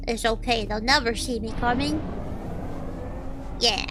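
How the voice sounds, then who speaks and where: A young woman streaming a shooter game, reacting excitably, shrieking and swearing as she plays. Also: on the high side, measured pace, background noise. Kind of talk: live gameplay commentary. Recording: loud game gunfire under voice. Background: shooter game sounds and gunfire.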